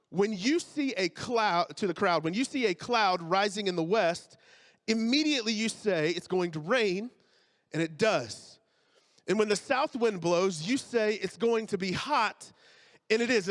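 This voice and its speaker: Man pastor, high voice, casual joking sermon delivery. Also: a bit bright. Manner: conversational, joking asides, checks in with the congregation.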